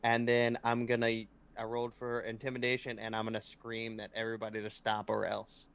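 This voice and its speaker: A man playing a tabletop game, calmly describing what his character does. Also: lowish voice, fairly quick, gravelly, clean tone. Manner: matter-of-fact, describing spells. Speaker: player.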